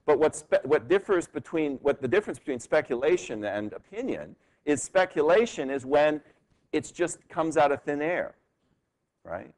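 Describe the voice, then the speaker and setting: Lively male law professor lecturing. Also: fairly high pitch, moderate pace, rough recording. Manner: conversational, frequent tag "right?", animated rhetorical questions. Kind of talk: classroom lecture. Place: university lecture hall.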